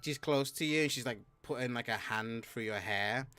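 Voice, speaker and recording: A man narrating a fantasy tabletop game as game master, halting with many fillers. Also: mid-range voice, pushed and bright, clear, resonant tone, faint music behind.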